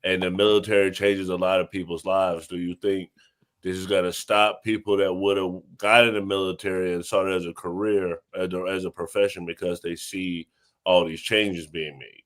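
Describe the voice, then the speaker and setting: A man's voice: low voice, flat delivery, normal speed, a bit bright. A man hosting a panel discussion, asking the guests questions casually. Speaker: host.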